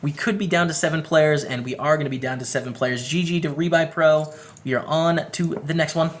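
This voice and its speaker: A man's voice: on the high side, fairly quick, slight background noise. A man with a Canadian English accent gives upbeat, chatty commentary on his poker hands while streaming live and greeting viewers by name.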